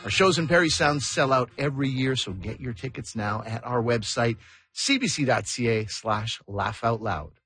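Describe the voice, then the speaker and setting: A man's voice: medium pitch, normal speed, fairly bright tone, slightly rough, dry recording. Male radio host, upbeat scripted promo read, music bed behind. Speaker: radio comedy show host. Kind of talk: scripted announcing. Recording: broadcast voice-over with music bed.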